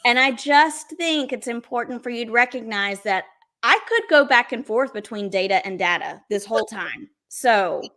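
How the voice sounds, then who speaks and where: A woman's voice: fairly high pitch, expressive, moderate pace, sharp tone. A woman hosting a podcast, upbeat and chatty while interviewing a guest. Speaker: podcast host.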